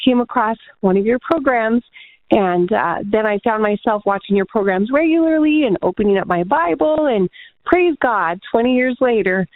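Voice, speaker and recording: A woman's voice: fairly high pitch, animated, normal speed, no echo. A woman calling in to a radio show, speaking earnestly and politely as she shares her story and asks a question. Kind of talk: phone call-in. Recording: tinny phone line.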